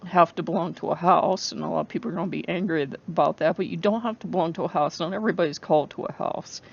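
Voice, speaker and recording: A person talks candidly to camera, rambling and often breaking off mid-thought with a laugh. The voice is gravelly and sits mid-range. The recording is dull and lo-fi. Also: medium pitch, fast talker. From United States. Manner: candid and emotional. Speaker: book vlogger. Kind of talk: casual talk to camera.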